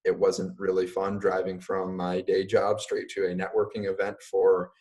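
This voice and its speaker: A young man answers interview questions in a loose, casual way, leaning on "um" and "like". His voice sits low and deep. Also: completely flat delivery, moderate pace, darkish tone. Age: young adult. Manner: casual, filler-heavy, uses "like" often. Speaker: guest.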